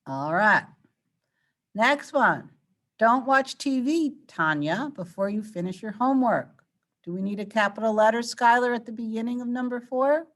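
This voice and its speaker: A woman's voice: a little high, moderate pace, a bit bright. A woman teacher leading an online grammar lesson, patiently quizzing her students and walking them through each answer. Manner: patient, coaxing questions to students.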